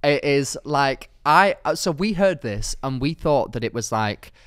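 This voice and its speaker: A young man, telling a long, winding story to his co-host. His voice sits at an ordinary pitch and sounds close and dry, with no room around it. He rambles, leans on "like", and gets animated as the tale builds. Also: a little slow, clean tone, no echo. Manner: rambling, animated storyteller with frequent "like" fillers and laughs. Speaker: podcast co-host. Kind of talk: casual storytelling chat.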